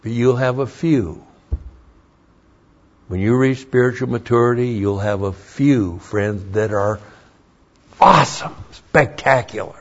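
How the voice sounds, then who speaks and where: A man's voice: medium pitch, a little slow, pauses often. An older man preaching a sermon as a pastor, moving between folksy storytelling and emphatic preaching. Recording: dull lo-fi sermon recording.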